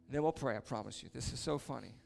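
A man preaching casually, telling a lively story and then praying over people in a church or meeting hall. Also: medium pitch, rapid-fire, gravelly, faint music behind. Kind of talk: sermon with story and prayer.

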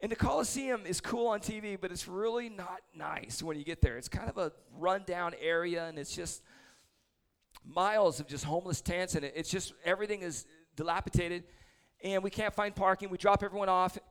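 Man in his 40s, gravelly lead pastor type, slightly high voice, chatty story-driven sermon with self-deprecating humor. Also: normal speed, a bit bright. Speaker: prayer leader preaching. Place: church service before a congregation.

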